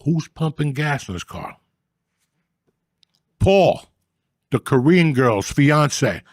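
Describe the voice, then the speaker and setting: Gravelly man telling crude stories. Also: medium pitch, no room sound, clean studio sound. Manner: crude, profane storytelling, acts out quoted people. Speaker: storyteller guest. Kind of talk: casual storytelling chat.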